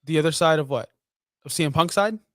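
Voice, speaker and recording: A man's voice: on the high side, quick pace, a bit bright, dry recording, studio quality. A young man co-hosting a casual wrestling podcast, blunt, profane and full of strong opinions. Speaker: podcast co-host.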